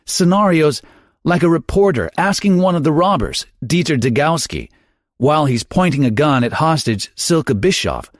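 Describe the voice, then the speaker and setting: A man's voice: a little high, animated, normal speed, no echo, studio quality. A man hosting a true-crime podcast, narrating a scripted story in a dramatic, wry manner. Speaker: podcast host.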